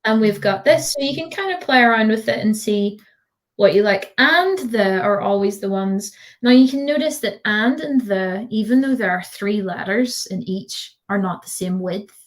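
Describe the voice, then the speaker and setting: A woman's voice: medium pitch, normal speed. A woman tutor giving a live online design tutorial over a video call, chatty and giggly with lots of fillers.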